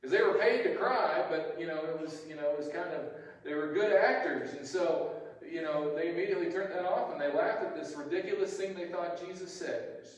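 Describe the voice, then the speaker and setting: A man's voice: on the high side, a little fast. A man preaching a sermon as pastor, telling the story conversationally with frequent restarts. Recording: echoey hall, distant mic.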